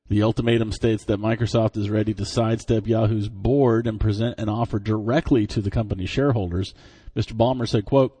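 Mellow, husky male tech-news host. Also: lowish voice. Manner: dry, joking commentary between scripted items. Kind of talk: reading tech news with wry asides.

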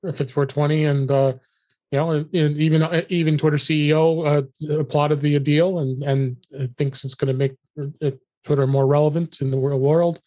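A man co-hosting a casual panel discussion, talking haltingly with many fillers. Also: on the high side, little pitch movement, warm tone, dull audio. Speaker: co-host.

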